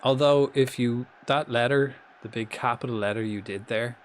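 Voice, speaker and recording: A man's voice: mid-range voice, steady tone, moderate pace. A young Irish man chatting casually on his live stream, swearing freely and coaching viewers through pronunciations. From Ireland.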